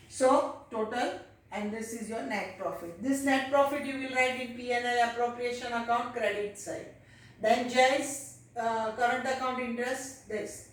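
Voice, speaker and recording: Woman teacher, Indian English accent, fairly high voice, step-by-step explaining, very echoey room. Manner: explains step by step, addresses children, frequent "uh" and "okay". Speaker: commerce teacher. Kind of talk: classroom accounts lesson. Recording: echoey room, far from the mic.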